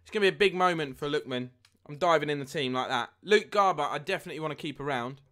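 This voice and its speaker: A young man live-streaming a football game, chatting with viewers and getting excited at near misses. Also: a little high, fast. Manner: chatty, reads chat aloud, excitable at goals. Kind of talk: live gameplay commentary and chat.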